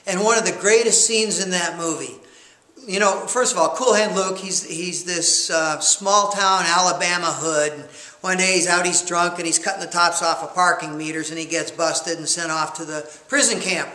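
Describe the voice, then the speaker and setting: Male course coach, motivational lecture, high bright voice, roomy echo. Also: normal speed. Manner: animated storyteller who acts out scenes.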